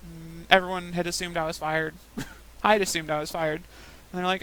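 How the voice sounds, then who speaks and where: Bright-voiced young woman chatting while gaming. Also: on the low side, flat delivery, normal speed, hardly any pauses, low-quality recording. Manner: rambling storytelling, frequent laughs. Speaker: gaming podcaster. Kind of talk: casual chat while playing a game.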